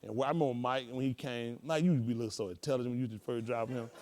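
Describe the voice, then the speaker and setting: A man's voice: mid-range voice, fairly even intonation, quick pace, a little mellow. A man, a pastor, roasting his church members from the pulpit in a joking, rambling way with folksy slang.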